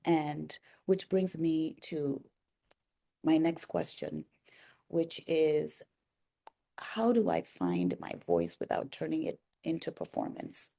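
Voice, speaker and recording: A woman talking to camera in a personal, reflective vlog, earnest and soft-spoken, often pausing and restarting her sentences. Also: low-pitched, expressive, vocal fry. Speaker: vlogger.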